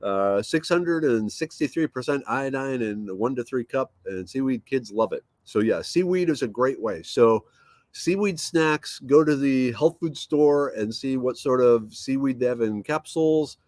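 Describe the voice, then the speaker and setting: A man's voice: medium pitch, lively intonation, measured pace, a little mellow, no room sound, clean studio sound. Easygoing man chatting with viewers. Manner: rambling, easygoing, thinks aloud with fillers. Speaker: livestream host. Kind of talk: casual chat, reading viewer comments aloud. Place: at home.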